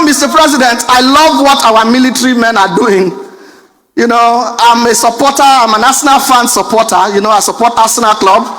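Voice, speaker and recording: A Nigerian male comedian with a very high, light voice tells animated stories on stage, laughing as he goes and mimicking a stammer. His voice rings with the long reverb of a large hall. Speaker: stand-up comedian. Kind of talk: stand-up comedy addressing the president.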